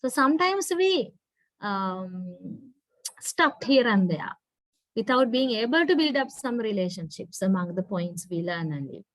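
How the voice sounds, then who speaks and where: A woman's voice: mid-range voice, big pitch swings, measured pace, no room sound, low-quality recording. A woman lecturer with a Sri Lankan English accent, patiently explaining in an online class and often checking in with her students.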